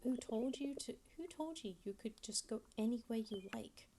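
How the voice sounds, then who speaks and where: A woman voicing a cold, angry teenage girl in a video game who talks in curt, hushed lines. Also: a little high, animated, moderate pace, background noise, close to an everyday voice. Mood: hostile. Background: game music.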